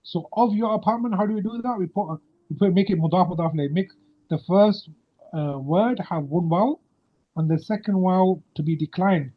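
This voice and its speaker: A man's voice: high voice, fairly quick. A man teaching an Arabic grammar lesson over a video call, patiently quizzing his student. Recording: muffled video-call audio.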